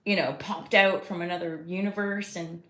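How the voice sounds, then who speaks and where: A woman's voice: lowish voice, fairly even intonation, moderate pace, fairly bright tone. A woman giving a casual live tarot reading, rambling and chatty as she talks to her viewers. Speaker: tarot reader and host. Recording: roomy echo.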